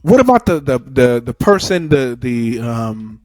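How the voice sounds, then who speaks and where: A man's voice: medium pitch, sing-song, unhurried, darkish tone, no room sound, clean studio sound, soft background music. A man co-hosting a casual reaction chat, speaking emphatically and often breaking off and restarting his phrases. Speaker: co-host of a reaction show.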